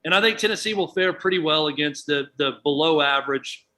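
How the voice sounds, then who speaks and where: Bright-voiced male sports commentator. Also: a little high, fairly quick. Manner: thoughtful, reasons things through aloud. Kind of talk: sports talk radio.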